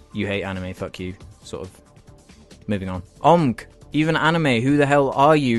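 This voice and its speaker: A British man reading out viewer comments and answering them in a sarcastic, swearing comedy rant. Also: mid-range voice. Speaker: YouTuber reacting to comments.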